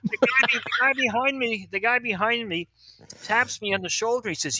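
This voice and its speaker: An older man, a pediatrician, telling funny stories in an animated way and acting out the people in them. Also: very high voice, normal speed. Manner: animated, acts out other people's voices, laughs at his own stories. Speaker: guest, pediatrician. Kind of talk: anecdotal storytelling.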